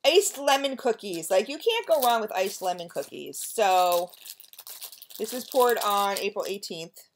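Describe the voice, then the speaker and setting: A woman talks through a casual product review vlog at an easy, middling pitch. She sounds chatty and effusive, speaks right to her viewers, and fills her pauses with ums as she sniffs and judges each scent. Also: big pitch swings, a little hiss or hum. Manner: chatty and gushing, addresses viewers as you guys, frequent ums. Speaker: wax melt reviewer.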